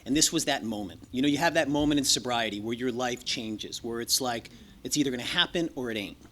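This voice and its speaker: Bright-voiced man telling his recovery story. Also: mid-range voice, brisk, slight background noise. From Los Angeles. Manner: candid, profane and joking, acts out voices of others. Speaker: recovery meeting speaker. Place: meeting room.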